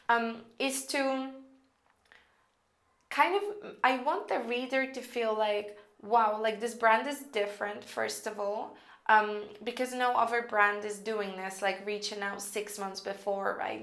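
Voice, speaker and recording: A woman teaching copywriting in a casual, chatty way, thinking out loud with lots of fillers as she walks through an email draft. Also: mid-range voice, roomy sound. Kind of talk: casual screen-recorded lesson.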